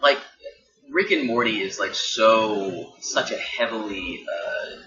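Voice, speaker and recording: A man's voice: on the low side, slow, a crowd in the background. Wry, teasing male podcast host. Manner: wry, teasing, asks the guest questions. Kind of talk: casual podcast chat. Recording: roomy, dull, noisy home podcast recording.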